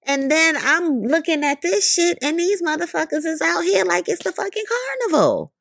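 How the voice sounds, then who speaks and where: A woman's voice: very high voice, very animated, moderate pace, creaky, a bit bright, no room sound. Emphatic, profane woman ranting. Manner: emphatic, profane, rhetorical questions, repeated "you know what I mean". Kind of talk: impassioned commentary monologue.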